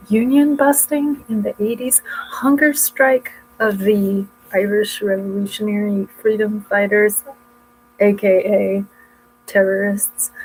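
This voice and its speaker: Woman rambling about her books at home, mid-pitch, chatty, faint hum behind. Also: gravelly, low-quality recording. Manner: rambling, chatty, self-interrupting. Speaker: vlogger. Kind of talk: casual chat showing books.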